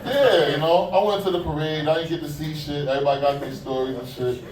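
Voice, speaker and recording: A man's voice: fairly high pitch, fast. A man doing a stand-up comedy set, telling loose, profane stories full of fillers and asides. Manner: loose, profane, conversational storytelling with lots of fillers. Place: comedy club stage. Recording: echoey club from a distance.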